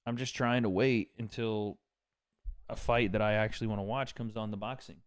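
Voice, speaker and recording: A Tennessee man hosts a livestream from a couch at home, without his usual setup, chatting casually and profanely with viewers and reading their donations aloud. His voice is on the low side, steady, smooth, and at normal speed, with clean studio sound and no room noise.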